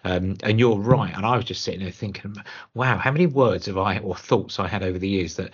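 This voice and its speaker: A man with a lowish, husky voice hosts a podcast chat, thinking aloud and closing his points with little tag questions. The sound is muffled and lo-fi. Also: brisk. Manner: reflective, tag questions like "isn't it?". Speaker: podcast host. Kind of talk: conversational podcast interview. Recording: dull lo-fi podcast audio.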